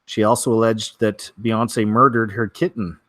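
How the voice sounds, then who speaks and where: A man's voice: fairly low pitch, level tone, normal speed, a bit bright, no room sound, studio quality. A man hosting a casual weekly news show, wry and offhand, with many fillers.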